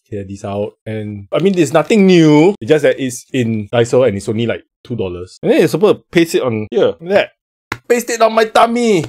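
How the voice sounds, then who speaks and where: Giggly Singaporean-accented man, lively pitch. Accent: Singaporean English. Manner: giggly, rambling, self-mocking. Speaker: vlogger. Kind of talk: casual haul vlog. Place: home, then a small bathroom.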